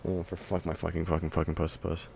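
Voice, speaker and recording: A man's voice: low voice, completely flat delivery, fast talker, gravelly, a crowd in the background. A young man hosting a casual podcast chat, joking crudely and swearing a lot. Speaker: podcast host.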